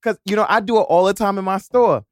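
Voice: mid-range voice, fast, no echo. A podcast co-host chatting casually and playfully, acting out a few shop-counter lines along the way. The voice sits mid-range and sounds dry and close. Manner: playful, acts out store-clerk lines. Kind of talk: casual chat.

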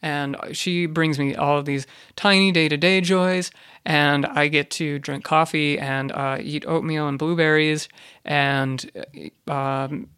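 Man podcasting, deadpan and rambling, somewhat high voice, smooth and clear. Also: slow pace, no room sound, clean studio sound. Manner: rambling deadpan with many fillers and restarts. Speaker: podcast host. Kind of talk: ironic comedic monologue.

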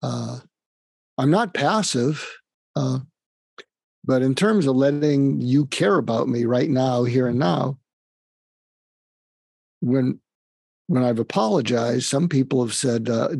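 An older man speaking as a psychiatrist guest in an interview, calm and halting, pausing often with fillers. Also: medium pitch, creaky, husky, no echo. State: facing terminal illness. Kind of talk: emotional conversational interview.

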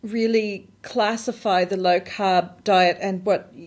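A woman interviewing a guest, speaking in a thoughtful, measured way. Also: mid-range voice, steady tone, darkish tone. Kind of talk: conversational interview.

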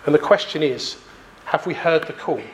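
A man, preaching a sermon emphatically with pauses for effect. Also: on the high side, a little hiss or hum.

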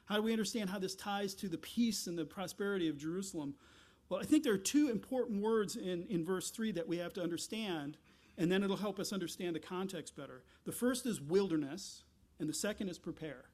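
A man's voice: high-pitched, fairly quick, darkish tone. A man preaching a sermon as a pastor, teaching animatedly with asides and rhetorical questions.

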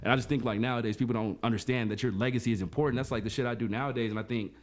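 A man's voice: mid-range voice, fairly even intonation, very fast. A man hosting a podcast, telling a story in casual chat. He keeps checking in with "you know what I'm saying.". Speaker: podcast host.

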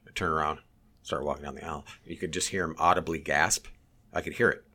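A man telling a story in casual chat, animated and swearing, mimicking others in a high voice. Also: quick pace, husky.

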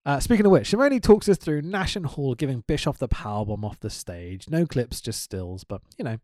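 A man co-hosting a casual podcast chat, animated and quick to laugh, swearing freely as he talks. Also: medium pitch, no room sound, studio quality. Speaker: podcast co-host.

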